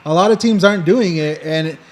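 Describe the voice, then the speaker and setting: Male podcast co-host, slightly high voice, easygoing, joking sports banter. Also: fast, slight background noise. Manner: easygoing, joking, trails off mid-sentence. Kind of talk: casual sports chat.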